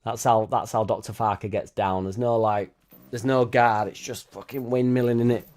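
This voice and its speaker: A man's voice: on the low side, steady tone, normal speed, a little mellow. Chatty man swearing on a live stream. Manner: swears freely, chatty, tag questions like innit. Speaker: fan channel host reading live chat. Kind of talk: casual live-stream chat.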